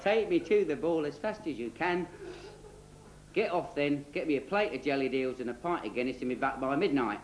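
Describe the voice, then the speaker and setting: A man's voice: fairly high pitch, animated, moderate pace, background noise, natural voice. A man voicing Cinderella as a blunt, bossy young woman, in a roomy echo.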